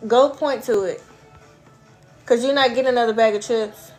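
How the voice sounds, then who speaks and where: Woman rambling to her viewers on a casual vlog, a bit high-pitched, soft music behind. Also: fairly even intonation, moderate pace, long pauses. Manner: chatty, rambling, answers viewer comments. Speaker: vlogger. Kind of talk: casual live chat with viewers.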